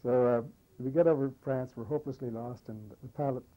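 An older man recounting wartime memories in an oral history interview, a lively storyteller who acts out the dialogue. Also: medium pitch, brisk, narrow, tinny audio. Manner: lively anecdotal storyteller, animates quoted dialogue. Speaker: war veteran interviewee.

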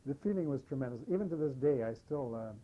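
An older man recounting wartime memories in an oral history interview, a lively storyteller who acts out the dialogue. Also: mid-range voice, quick pace, low-quality recording. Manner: lively anecdotal storyteller, animates quoted dialogue. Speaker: war veteran interviewee.

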